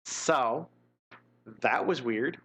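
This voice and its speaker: A man reads an interactive gamebook aloud on a live stream and chats about the choices between passages. He talks slowly and casually. His tone is wry and self-mocking, and he chuckles often. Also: mid-range voice, a bit bright, slightly rough.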